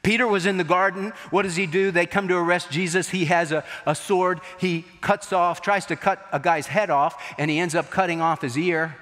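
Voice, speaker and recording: A man's voice: high voice, fairly even intonation, normal speed, few pauses, a bit bright, big-room sound. A man preaching a sermon as a pastor, telling the story dramatically and acting out the quotes.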